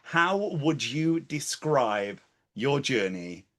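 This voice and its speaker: A man's voice: mid-range voice, expressive, slow, fairly bright tone. A man with a British accent hosting an interview, enthusiastic and playful. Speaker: host. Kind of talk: casual chat.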